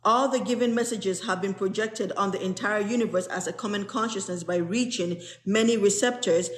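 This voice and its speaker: This woman talks at a normal speed with a medium-pitched voice. As a spiritual teacher, she reads a spiritual text aloud to an online group, explaining each passage earnestly and in plain words, and the audio has a roomy echo.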